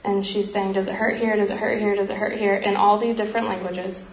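A woman earnestly telling a missionary story in a heartfelt talk, often pausing with "um" and growing emotional. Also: mid-range voice, flat delivery. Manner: earnest, frequent ums, grows emotional. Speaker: speaker sharing a missionary story. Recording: roomy echo, faint background noise.

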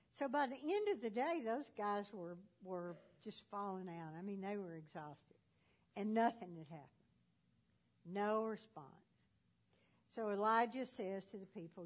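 A woman's voice: medium pitch, lively intonation, a little slow, long pauses. A woman retelling a Bible story in a folksy, conversational way with casual fillers.

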